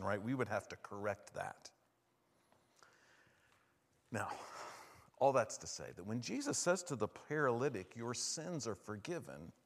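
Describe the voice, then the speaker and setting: A man's voice: medium pitch, fairly bright tone. A man preaching a conversational sermon, often checking in with "right?" and acting out the voices of people he quotes. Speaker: pastor. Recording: long hall reverb.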